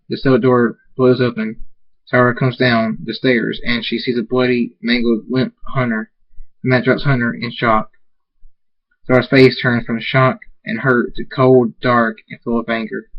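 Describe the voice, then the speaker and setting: A man reading fan fiction aloud, halting and restarting words as he goes. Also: mid-range voice, level tone, lo-fi sound. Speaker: amateur reader.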